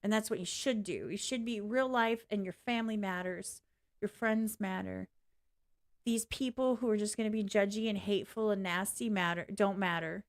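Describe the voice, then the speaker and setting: A woman's voice: medium pitch, moderate pace. A woman live streaming to her viewers in a casual, candid rant, blunt and swearing freely, laughing along the way. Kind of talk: casual ranting livestream chat.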